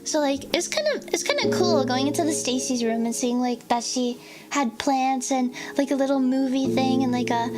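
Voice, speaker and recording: With loud music running beneath her, a young woman VTuber streamer chats casually, telling a meandering, filler-filled story and performing the other people's lines. She speaks at an ordinary speed in a high voice.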